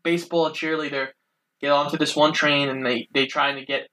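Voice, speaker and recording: Co-host just laying out the plot step by step, bright sharp voice. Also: medium pitch, flat delivery, brisk, rough recording. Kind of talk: casual plot narration.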